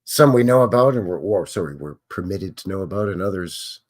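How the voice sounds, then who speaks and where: Male host, chatty and wry, with a very animated pitch. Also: a little fast. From Canada. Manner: chatty, joking, exclaiming at what he sees. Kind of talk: casual live commentary on old photos.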